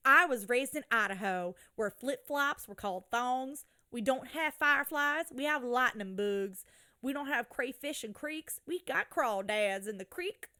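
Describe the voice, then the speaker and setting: A woman's voice: sits high, animated, a little slow, sharp tone, smooth, exaggerated voice. A woman putting on an exaggerated country bumpkin voice to read a social media post aloud. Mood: folksy. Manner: drawling, exaggerated.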